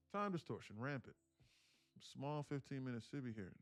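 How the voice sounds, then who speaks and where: A man's voice: mid-range voice, a little fast, gravelly, no room sound, soft background music. Man joking through a dry, close stream. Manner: joking, teasing chat with viewers. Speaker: livestream day trader host. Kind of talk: casual live-stream commentary.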